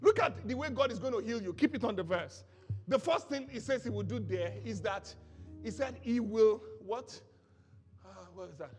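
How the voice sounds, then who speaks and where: A man preaching a sermon as pastor, swinging between shouted bursts and soft asides, leading the congregation in call-and-response. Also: very high voice, lively intonation, moderate pace, soft background music.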